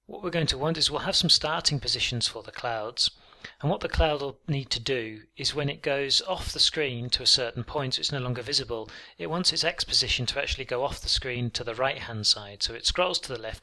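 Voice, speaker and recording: A man walking through a coding tutorial on screen, relaxed and thinking aloud with frequent ums. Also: mid-range voice, brisk, few pauses. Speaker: programming tutor.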